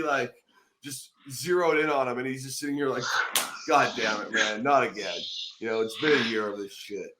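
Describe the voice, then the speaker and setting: A man in his thirties hosting a podcast, telling stories in a casual, animated way and bursting into shouted quotes. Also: medium pitch, normal speed, heavy background noise. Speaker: podcast host, former football player. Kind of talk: casual storytelling chat.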